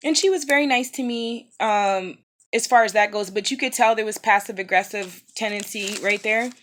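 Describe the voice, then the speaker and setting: A woman in her thirties recounts a bad day in a casual vlog. She talks at a middling pitch, hesitating with fillers and restarting her sentences. She sounds upset and worn from pain after recent surgery. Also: moderate pace, a bit bright. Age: 30s. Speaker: vlogger.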